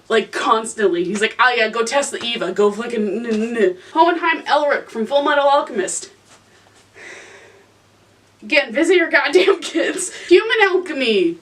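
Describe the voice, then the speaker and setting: Young woman host, exasperated casual rant, high and lively, recorded from a distance. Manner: animated, exasperated, swears freely. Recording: voice from some distance to the mic.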